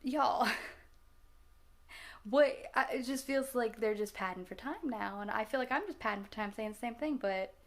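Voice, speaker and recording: A woman's voice: a little high, moderate pace. A woman in her twenties chatting casually about movies she just watched, rambling, laughing often and restarting her sentences. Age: 20s. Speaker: vlogger reacting to films.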